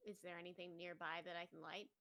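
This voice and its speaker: A woman's voice: on the low side, little pitch movement, fast talker, fairly bright tone. A woman playing a tabletop game, asking careful questions about the scene. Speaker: player. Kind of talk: casual tabletop game chat.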